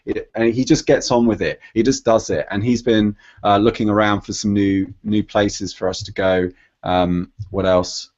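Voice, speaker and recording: A man with a fairly low voice chats casually and rambles as a podcast panelist. The recording sounds muffled and lo-fi. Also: flat delivery, normal speed, a little mellow. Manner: rambling, chatty. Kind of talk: casual chat. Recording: dull lo-fi podcast audio.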